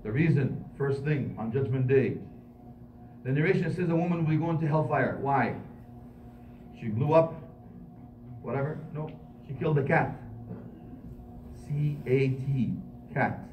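A man giving an impassioned sermon as an imam, switching into quick Arabic recitation and building to emphatic peaks. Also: medium pitch, dull audio. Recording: echoey hall, mic at a distance, faint noise.

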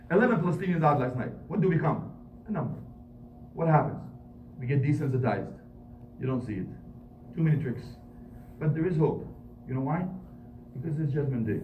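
A man delivers a sermon as an imam, his voice pitched high and his phrases climbing to forceful emphasis. He is heard from some distance in a reverberant prayer hall. A faint hiss of noise sits under the recording. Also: highs cut off. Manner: impassioned, rising to emphatic peaks, recites Arabic quickly. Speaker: imam giving a Friday sermon.

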